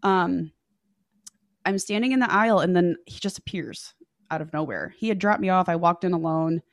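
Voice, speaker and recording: A woman's voice: lowish voice, moderate pace, dry recording, clean studio sound. Swearing woman telling a wild story. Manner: animated, swears freely, acts out quotes. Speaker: podcast guest. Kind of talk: casual storytelling chat.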